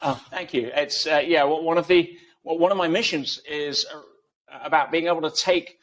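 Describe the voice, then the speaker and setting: A man's voice: fairly high pitch, fairly even intonation, moderate pace, fairly bright tone. A man guest in an interview, explaining ideas emphatically through everyday analogies. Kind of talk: conversational interview.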